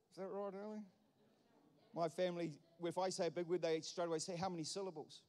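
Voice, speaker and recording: This man's voice is high and somewhat dark as he delivers a sermon in a church hall. The long reverb carries his emphatic, repetitive preaching, which builds its points through wordplay.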